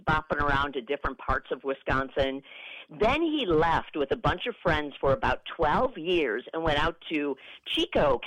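A middle-aged woman guesting on a radio show, friendly and quick to laugh. Her pitch rises and falls a lot as she tells stories. The sound is dry and close. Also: no room sound, low-quality recording. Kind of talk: casual radio chat.

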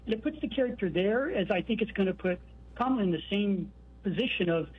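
A man's voice: high-pitched, expressive, quick pace, breathy edge. A man calling in to a radio show, earnest and rambling. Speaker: caller. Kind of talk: phone-in call. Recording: tinny phone line.

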